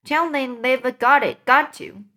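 A woman reading aloud and voicing a brave, quick-thinking young boy who gives urgent commands. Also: sits high, fairly even intonation, pushed and bright, voice pushed up.

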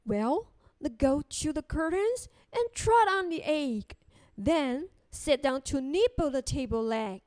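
A woman reading a children's picture book aloud in a gentle, sing-song way, then teaching words to kids. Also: high voice, expressive, slow, dry recording. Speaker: storyteller for children.

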